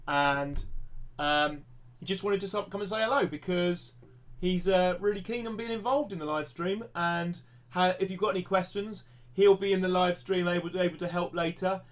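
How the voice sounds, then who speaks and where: Chatty male maths teacher, slightly high voice. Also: moderate pace. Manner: chatty, self-deprecating, thinks aloud with restarts. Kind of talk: live-streamed maths lesson.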